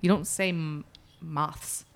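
A woman's voice: deep voice, animated, measured pace. A woman co-hosting a comedy podcast, teasing the others and laughing often in casual chat. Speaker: podcast co-host.

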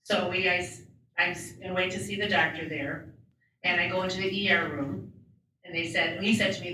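This woman interpreter tells a personal story in the first person, conversational and plain, restarting herself now and then. Her fairly low, sharp-toned voice keeps fairly even intonation at normal speed, with slight background noise, faint ambience, heavy room echo and a distant mic.

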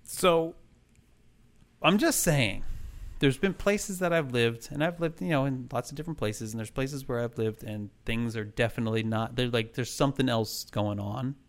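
A man's voice: mid-range voice, normal speed. A man in casual chat, telling a ghost story in a rambling way, full of fillers and restarts.

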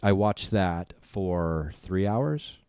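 A young man with a deep, low, darkish voice tells of a scary night as a storyteller guest in casual conversation, vividly and profanely, slipping into other people's voices. His delivery is smooth, with lively intonation and drawn-out words. The recording is close and dry.

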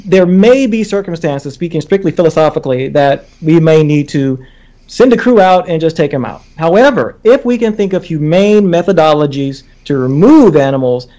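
A man with a high-pitched voice debates in a loose, animated chat. He speaks emphatically and philosophizes at length. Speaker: vegan guest.

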